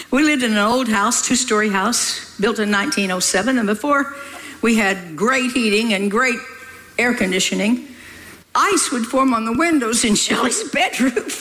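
A woman preaches in a bright, forceful voice pitched a little high. She tells her story with lively energy and slips into teasing, laughing scolds of her listeners. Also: measured pace, long pauses, low-quality recording. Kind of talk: sermon storytelling.

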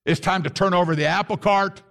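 A man preaching an animated sermon as a messianic pastor, rising to shouts at times and using Hebrew terms. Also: high voice, a little fast.

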